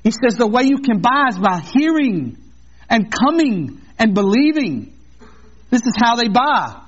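A man's voice: very high-pitched, big pitch swings, unhurried, breathy edge, highs cut off. A man preaching an earnest sermon as a pastor, mixing scripture with a personal story.

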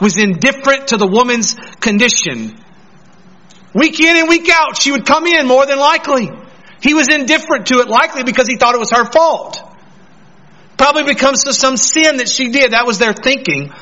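A man's voice: extremely high pitch, sharp tone. Man, pastor, sermon, earnest, questioning the congregation, muffled lo-fi sound.

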